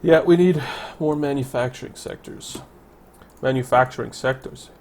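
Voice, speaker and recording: A man's voice: medium pitch, moderate pace, a little mellow. A man casually commenting on his city-building game, thinking aloud and correcting himself as he goes. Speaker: let's play commentator.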